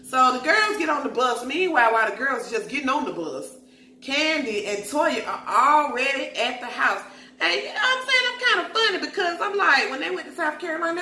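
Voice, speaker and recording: A woman recapping a reality show in an animated, slangy, gossipy way. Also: high voice, a little fast, a little hiss or hum. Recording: echoey room.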